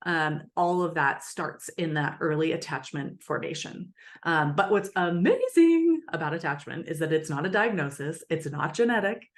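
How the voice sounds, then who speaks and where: A woman with a fairly low voice talks through ideas in an earnest, teacherly way. She slips into short acted-out example lines as she explains. The delivery is relaxed interview conversation. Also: normal speed. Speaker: attachment expert guest.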